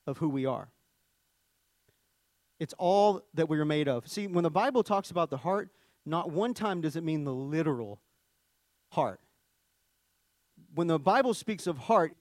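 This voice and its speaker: A man delivers a sermon in a relaxed, explanatory way, breaking down the meaning of words with everyday examples. His voice sits high for a man. The recording is dry and close, with no room sound. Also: no room sound. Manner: conversational teaching, frequent "see," and restarts. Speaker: preacher.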